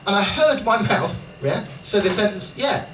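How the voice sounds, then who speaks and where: A man's voice: high-pitched, expressive, moderate pace, pushed and bright, far from the mic. A British man from Dorset doing stand-up crowd work, chatty and self-mocking, often checking in with the crowd. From Dorset, England. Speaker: stand-up comedian. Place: comedy club stage. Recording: echoey club audio from afar, noisy. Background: audience laughter and room noise.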